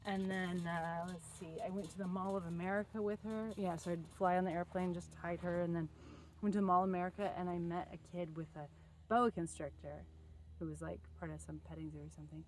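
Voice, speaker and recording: A woman's voice: fairly low pitch, flat delivery, a little fast, slight background noise. A young woman telling rambling stories in a casual, chatty way while working on a fence outdoors. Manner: rambling, chatty, with many fillers and asides.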